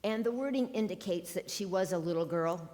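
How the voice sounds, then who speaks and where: A woman's voice: lowish voice, a little fast, warm tone. Wry woman preaching in a reverberant church. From Ohio. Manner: wry, sarcastic asides. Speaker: pastor. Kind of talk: sermon. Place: church sanctuary.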